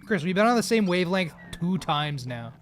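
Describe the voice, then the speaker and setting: A man's voice: high voice, animated, a little fast. A man chatting casually while live streaming a game, rambling and joking at his own expense. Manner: rambling, joking, often laughing at himself.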